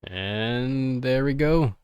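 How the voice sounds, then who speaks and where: A man's voice: medium pitch, very slow, smooth. A man giving casual commentary while playing a video game, rambling with lots of fillers and sounding out of breath. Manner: rambling, excitable, many fillers. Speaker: gaming video creator.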